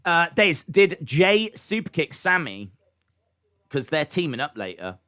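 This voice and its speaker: A man hosting a live reaction stream, excitably commenting and answering chat questions, his microphone clipping when he gets loud. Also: on the high side, a little slow. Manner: excitable, hums entrance themes, answers chat. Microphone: desk microphone that clips when loud.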